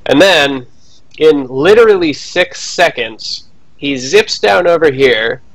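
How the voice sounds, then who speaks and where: A man's voice: on the high side, lively intonation, slow pace, no room sound, poor audio. Joking man narrating his goblin. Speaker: player. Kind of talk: tabletop game talk.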